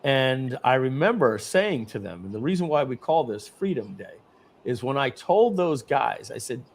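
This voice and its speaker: A man's voice: mid-range voice, sing-song, moderate pace, a little hiss or hum. A middle-aged man, a company founder, telling a dramatic personal story at a company event and acting out the scenes.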